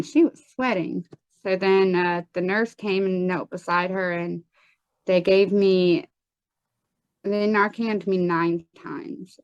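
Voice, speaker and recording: A woman giving a personal testimony in an interview, earnest and halting, with frequent pauses and restarts. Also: on the low side, no room sound, lo-fi sound. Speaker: guest telling her life story.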